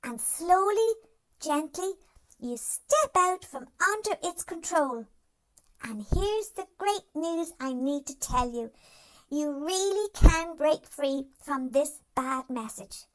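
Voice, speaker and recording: A performer voicing a gentle, caring wise dog in a cartoon, giving soothing self-help narration straight to the listener. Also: high-pitched, animated, takes it slowly. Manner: soothing, reassuring, speaks to the listener directly.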